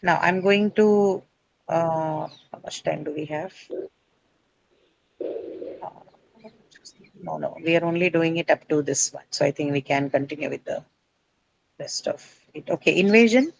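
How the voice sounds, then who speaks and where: A woman's voice: deep voice, fairly even intonation, unhurried, vocal fry, long pauses, low-quality recording. A middle-aged woman teacher lecturing a class, explaining step by step and quizzing her students as she goes.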